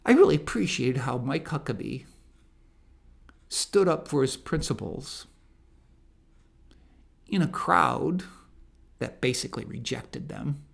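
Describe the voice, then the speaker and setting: A man delivers a ministry monologue at an unhurried pace. His voice has a gravelly, fried edge, and he pushes up into loud, emphatic preaching. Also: medium pitch, animated. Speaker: ministry speaker.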